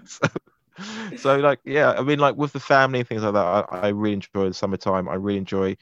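A man's voice: lowish voice, fairly even intonation, fast, a bit bright, smooth, dry recording, lo-fi sound. A man from London in casual chat, laughing easily and talking with many fillers. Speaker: guest.

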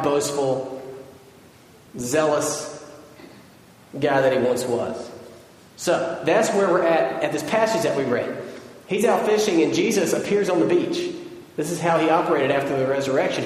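A man's voice: a little high, a little mellow. A man preaching a sermon in a casual, joking storytelling manner. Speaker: pastor. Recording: echoey hall with long reverb.

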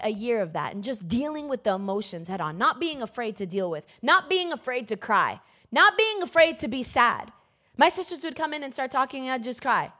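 Woman preacher, emphatic and somewhat high-voiced. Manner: emphatic, with bursts of loud exhortation. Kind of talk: sermon.

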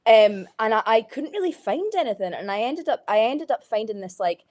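A woman's voice: on the high side, very animated, a little fast, a little mellow. A Scottish woman, a podcast guest in casual chat, telling stories frankly with lots of swearing and "like". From Scotland.

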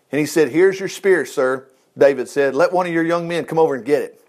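A man preaching a sermon, reading scripture aloud and breaking in with animated, jokey asides. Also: fairly high pitch, brisk.

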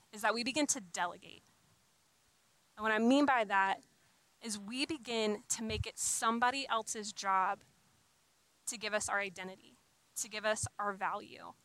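A woman's voice: medium pitch, a bit bright, no echo, rough recording. A young adult woman giving an earnest, conversational sermon, with frequent restarts and casual fillers. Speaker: speaker giving a talk on faith and singleness.

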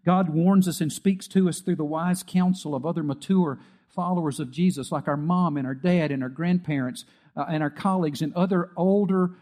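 Man, middle-aged, pastor, sermon, storytelling, emphatic, fairly high voice. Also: normal speed, mellow. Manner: storytelling with acted quotes, emphatic rising peaks.

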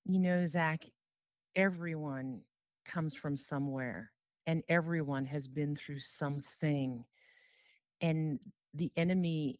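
A woman telling her personal story as an interview guest, earnest and heartfelt, emotional and near tears, slowing down on solemn phrases. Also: sits low, fairly even intonation, dry recording, dull audio.

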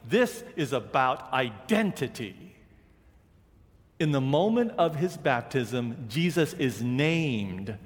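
A man preaching a sermon in a conversational, animated way, slowing down for quoted scripture. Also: medium pitch. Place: large church sanctuary. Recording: long reverb of a big hall.

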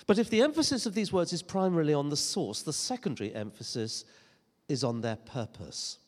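A man's voice: fairly high pitch, expressive, brisk, a little mellow, in a large hall. A man preaching a sermon, earnest and emphatic, with rhetorical questions and touches of dry humor.

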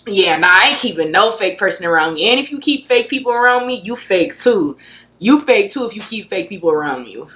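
Young woman solo podcaster, bright edge, swings from sharp outbursts to quiet mutters, very blunt. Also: on the low side. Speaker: podcast host. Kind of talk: unscripted solo podcast rant.

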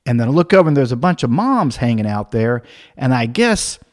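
A man telling a comic personal anecdote, animated, acting out the other people's voices and laughing as he goes. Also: medium pitch, fairly quick. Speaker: storyteller.

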